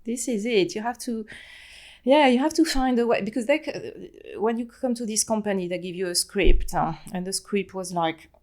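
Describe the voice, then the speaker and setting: A woman in her forties with a French accent, a guest telling stories in a casual interview, animated and quick to laugh. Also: mid-range voice. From France. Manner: animated storytelling with frequent laughs and fillers. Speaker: podcast guest.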